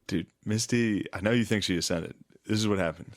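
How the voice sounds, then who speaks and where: A man's voice: fairly low pitch, a little fast, no room sound, studio quality. A man co-hosting a podcast, needling his partner with crude jokes in casual chat. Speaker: podcast co-host.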